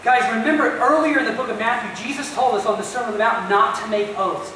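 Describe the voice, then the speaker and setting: A male pastor delivers a sermon with animated emphasis and talks straight to his listeners. His voice rings through a very reverberant church. It is picked up from a distance, with a faint hiss underneath. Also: very high voice, quick pace. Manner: animated storytelling preacher, addresses listeners directly. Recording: very echoey distant church recording.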